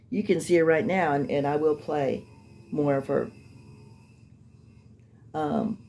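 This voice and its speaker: A woman's voice: low-pitched, vocal fry, warm tone, slight background noise. A woman giving rambling, skeptical true-crime commentary in a casual way, with mocking asides.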